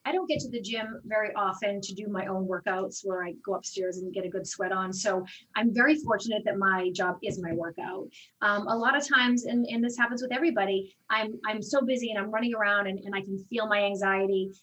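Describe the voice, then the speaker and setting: A woman's voice: mid-range voice, a little fast, recorded from a distance, low-quality recording. A woman who teaches fitness classes, chatting in an interview and acting out the conversations she retells. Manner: animated storyteller, acts out quoted exchanges. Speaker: fitness instructor. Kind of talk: casual interview talk.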